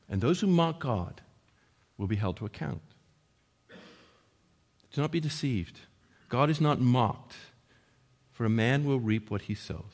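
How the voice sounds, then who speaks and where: A man preaching a sermon, earnest, raising his voice for quoted lines and dropping to a hush at the ends of points. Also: medium pitch. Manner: earnest, rising to emphatic quotes and dropping to hushed endings. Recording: long hall reverb.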